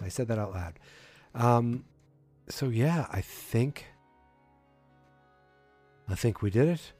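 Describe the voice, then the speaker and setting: Guy rambling through his podcast wrap-up, lots of ums, low mellow tone, dry mic, faint music under it. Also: animated, slow pace, pauses often, dry recording. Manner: rambling, self-correcting, filler-heavy. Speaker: podcast host. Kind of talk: casual solo podcast chat.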